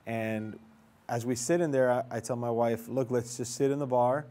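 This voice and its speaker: Mellow-voiced man telling a personal story. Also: mid-range voice, moderate pace. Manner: rambling, conversational retelling with quoted dialogue. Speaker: vlogger telling his life story. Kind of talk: casual storytelling.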